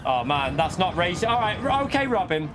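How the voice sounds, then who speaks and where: Over music and the noise of car engines, a man with a high, very animated voice talks briskly through live commentary on a racing game. Between frequent laughs, he rants indignantly at his chat.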